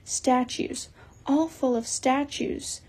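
A woman's voice: high voice, fairly even intonation, slow pace, a little mellow, slightly rough, heavily acted. A woman voicing a gloomy, homely male beaver in an audiobook, with a grave, solemn way of talking. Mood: ominous. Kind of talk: audiobook character reading.

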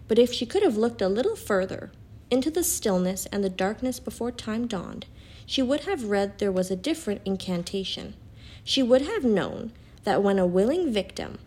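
A kingly male lion from a storybook, gentle and noble, speaking in a grave, measured way. A woman reads him aloud without changing her voice much. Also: mid-range voice, close to an everyday voice.

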